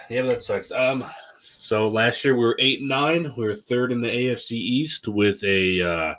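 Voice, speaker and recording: A man's voice: mid-range voice, measured pace, a bit bright. A young man co-hosting a casual sports podcast, talking about his football team with sarcastic asides and frequent laughs. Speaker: podcast co-host, Patriots fan.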